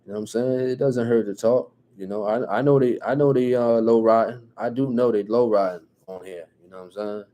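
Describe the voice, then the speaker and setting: A man from New Jersey with a New Jersey accent, hosting a casual live stream, reading viewer comments and chatting in a relaxed way with lots of repeated phrases. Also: mid-range voice, brisk, hardly any pauses. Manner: relaxed, repeats phrases, frequent "you know what I'm saying", chuckles often.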